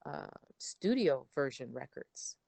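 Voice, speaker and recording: A middle-aged woman as an interview guest, chatting casually and telling animated stories. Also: low voice, takes it slowly, gravelly, no echo. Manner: animated storyteller, acts out her father's voice. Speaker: interview guest, daughter of a songwriter.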